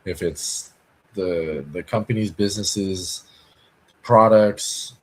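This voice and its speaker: A man's voice: deep voice, takes it slowly, a little hiss or hum, rough recording. A man from the United States co-hosting a coin podcast, talking loosely with lots of "like" and "you know". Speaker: coin dealer podcast co-host. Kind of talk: casual shop talk podcast.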